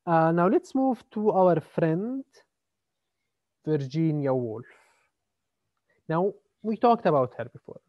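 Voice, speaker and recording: A man's voice: on the high side, expressive, slow pace, pauses often, no room sound. Hesitant male lecturer, dry muffled sound. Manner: hesitant, many fillers and repeated words. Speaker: university literature lecturer. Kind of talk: classroom lecture. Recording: dry, slightly muffled lo-fi recording.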